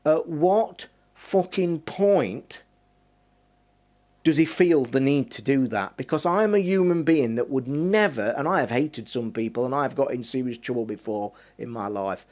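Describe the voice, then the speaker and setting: Brief: man, 50s, streamer host, passionate swearing rant, slow stressed emphasis. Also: mid-range voice, expressive, darkish tone. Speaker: podcast host.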